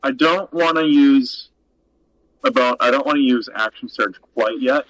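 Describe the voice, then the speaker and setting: A man's voice: mid-range voice, unhurried, fairly bright tone, no room sound, low-quality recording. A man playing a tabletop game, thinking aloud and asking about the rules. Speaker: player. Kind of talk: casual tabletop game talk.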